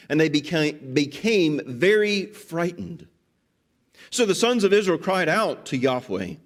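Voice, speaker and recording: Male preacher, high and very lively voice, dramatic delivery acting out quotes. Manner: expressive, rises and drops pitch for emphasis. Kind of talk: sermon.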